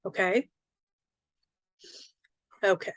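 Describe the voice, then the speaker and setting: A young woman teaching a live spiritual class in a chatty, animated way, laughing often and checking in with "okay?" and "right?". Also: very slow, no room sound.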